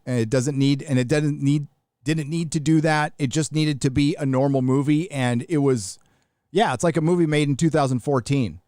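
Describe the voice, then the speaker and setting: A man's voice: medium pitch, darkish tone, no room sound, studio quality. A middle-aged man from the United States hosting a live stream, talking bluntly and profanely in rambling casual commentary with many restarts.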